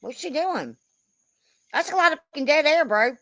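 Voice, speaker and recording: A woman's voice: high voice, animated, normal speed, a bit bright, dry recording. A woman chatting casually on a livestream, talkative and swearing offhandedly.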